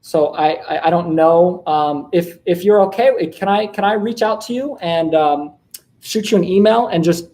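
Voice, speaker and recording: Man, friendly casual cold caller, halting, lots of fillers and restarts. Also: high-pitched, mellow. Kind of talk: phone sales call.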